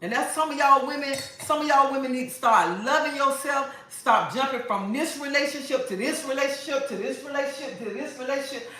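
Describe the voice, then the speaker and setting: A woman's voice: on the high side, sharp tone. A woman giving frank, emphatic advice to her live-stream viewers, repeating lines for effect. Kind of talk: casual advice talk to viewers. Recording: very echoey room.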